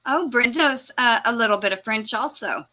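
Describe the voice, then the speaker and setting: A woman hosting a casual live-stream chat, chatty and halting, with fillers and laughs. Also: on the high side, pushed and bright. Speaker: host.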